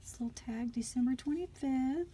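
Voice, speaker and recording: A woman, chatting through an unboxing of craft gifts at home, gushing and often murmuring asides softly. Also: high voice, moderate pace, a little hiss or hum. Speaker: craft vlogger.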